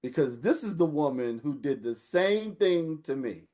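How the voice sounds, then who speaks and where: A man, telling a lively family story in casual chat and acting out the voices of the people in it. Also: fairly high pitch, unhurried. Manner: animated storyteller, acts out quotes, laughs while telling. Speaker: older brother telling a story.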